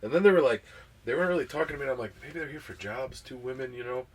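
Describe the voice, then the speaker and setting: A man's voice: medium pitch, expressive, racing, slight background noise. A man co-hosting a podcast, telling a rambling workplace story in casual chat and quoting what people said. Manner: rambling, retells scenes with quoted voices. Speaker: podcast co-host.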